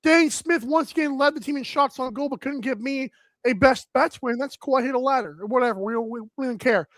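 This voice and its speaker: High-voiced energetic male sports talk host. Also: a little fast, no echo. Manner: energetic, rambling, many fillers.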